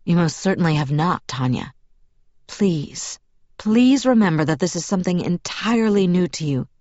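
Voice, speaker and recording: Woman reading as a male vampire, smooth velvet voice, measured and firm, low-pitched, dull dry recording. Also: expressive, mellow, no echo. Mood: firm, calm. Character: calm, persuasive male vampire, young-seeming.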